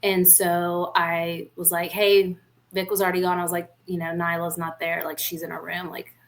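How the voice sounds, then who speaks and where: A woman from a small town in the United States has a lowish, slightly bright voice with completely flat delivery at a moderate pace. As a podcast co-host, she tells frank, playful stories in a chatty, casual conversation.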